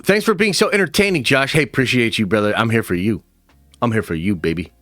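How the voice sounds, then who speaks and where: A man's voice: medium pitch, quick pace, a bit bright, dry recording, soft background music. A man hosting a livestream, chatting casually, reacting to viewers and swearing freely. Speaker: streamer host. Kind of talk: livestream commentary with chat.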